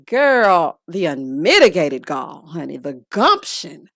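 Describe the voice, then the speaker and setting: Late-30s woman doing a sassy reality tv recap, animated and scolding, dry close sound. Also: deep voice, slow, no room sound. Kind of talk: casual recap commentary.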